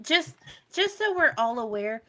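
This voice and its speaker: A woman's voice: on the high side, very animated, a little slow, a crowd in the background. A woman co-hosting a casual stream, chatty and hesitant, with many fillers. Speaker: stream co-host.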